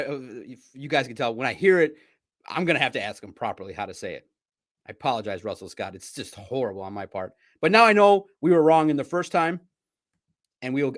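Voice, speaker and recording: A man's voice: mid-range voice, a bit bright. A man hosting a casual sports livestream, rambling and self-deprecating, often laughing at himself. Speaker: sports podcast host and reporter.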